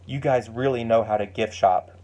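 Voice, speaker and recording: A man's voice: lowish voice, normal speed, a little mellow, lightly acted. A man voicing a young woman who earnestly apologizes to her best friend in a story. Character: remorseful young woman, warm and eager friend.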